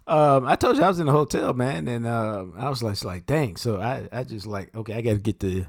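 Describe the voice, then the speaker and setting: A man co-hosts a casual sports talk podcast and breaks down football games. He talks in a laid-back, blunt, analytical way and speaks in a medium pitch. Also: brisk, vocal fry.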